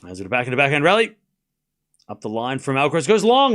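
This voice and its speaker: Male streamer, live tennis play-by-play, partisan and chatty, sharp bright tone. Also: medium pitch, fast, pauses often. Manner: excitable, openly partisan, chatty with viewers. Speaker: watchalong streamer commentating a tennis match.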